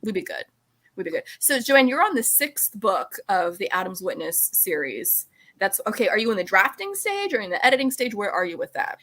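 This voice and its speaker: A woman hosting a podcast, chatting in a lively way that jumps between thoughts. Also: mid-range voice, brisk. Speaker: podcast host. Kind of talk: casual chat.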